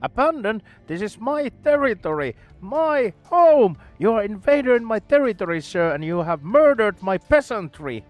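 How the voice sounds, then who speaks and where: A man's voice: high-pitched, sing-song, normal speed, hardly any pauses, no echo, soft background music, voice pushed up. A man voicing a wild, grandiose young lab scientist who rants theatrically while reading a video game aloud. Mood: outraged ranting.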